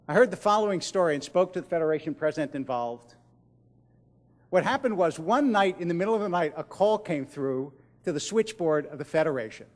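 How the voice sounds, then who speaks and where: Expressive man telling stories to a crowd. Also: on the high side, long reverb tail. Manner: dramatic pauses, drops to a hush at key lines. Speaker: rabbi giving a keynote speech. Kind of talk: storytelling speech to an audience. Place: large event hall.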